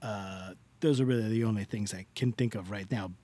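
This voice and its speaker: A man's voice: fairly low pitch, fairly quick, dark tone, dry recording, pitched below the performer's own voice, lightly acted. A man on a podcast putting on a comic voice as a doting, effusive Italian-American greeter who talks in an over-the-top welcoming way. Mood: gushing. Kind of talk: comic character bit on a podcast.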